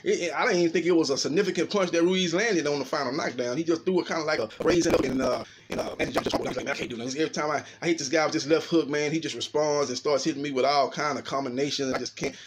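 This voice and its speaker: A middle-aged man giving casual, animated boxing analysis, talking fast and tagging his sentences with "man". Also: on the high side, noisy background. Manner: fast, animated, filler-heavy talk with repeated "man". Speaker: boxing commentator.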